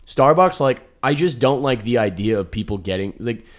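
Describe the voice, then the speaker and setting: A young American man co-hosting a comedy podcast, talking loudly and swearing, with mock grand proclamations. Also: medium pitch, expressive, normal speed. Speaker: podcast co-host. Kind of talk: casual chat.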